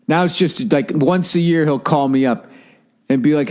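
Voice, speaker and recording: A man's voice: on the high side, normal speed, darkish tone. A man hosting a podcast, telling a comedic story in a profane, ranting, self-mocking way. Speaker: podcast host.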